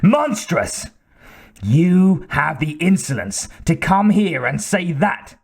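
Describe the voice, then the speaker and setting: A man voicing a frightened old king who speaks in a shrill, quavering voice. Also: very animated, slow, heavily acted. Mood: outraged. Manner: shrill, shaking outbursts.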